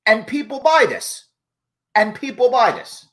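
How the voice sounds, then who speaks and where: Brief: male host, sarcastic live commentary, lively and expressive intonation. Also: very high-pitched, measured pace. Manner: sarcastic, mocking. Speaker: show host. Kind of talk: live commentary on a news clip.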